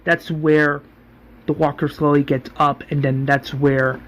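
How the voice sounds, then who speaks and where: A man's voice: fairly high pitch, little pitch movement, unhurried. A man giving a casual, rambling spoken recap, full of fillers, acting out the lines. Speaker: fan recapper.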